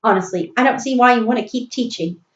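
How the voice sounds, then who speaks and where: A woman's voice: on the high side, fast, lightly acted. A woman voicing an impatient, fed-up wife who rants scornfully. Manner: ranting, scornful, emphatic. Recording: roomy, dull recording.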